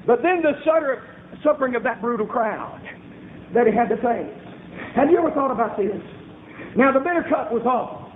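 Preacher, male, fervent shouter, very high-pitched, thin phone-like echoey recording. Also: animated, fairly quick, slight background noise. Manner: fervent, shouting in rhythmic bursts, call-and-response style. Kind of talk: revival sermon. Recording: echoey room over a tinny phone-like line.

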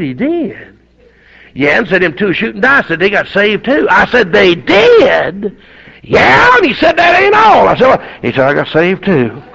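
An older man, preaching a folksy, animated storytelling sermon that breaks into shouted outbursts. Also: high voice, vocal fry, lo-fi sound.

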